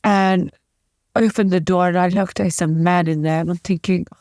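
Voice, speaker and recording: A woman's voice: lowish voice, fairly even intonation, normal speed, darkish tone, dry recording. Woman telling a painful story, dry sound. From former Yugoslavia. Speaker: podcast guest. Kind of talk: personal storytelling in an interview.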